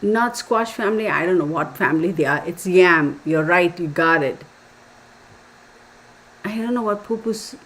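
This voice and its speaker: Chatty woman, slightly low voice. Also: poor audio. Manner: chatty, rambling, says y'all. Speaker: live stream host. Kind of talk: casual chat with live viewers.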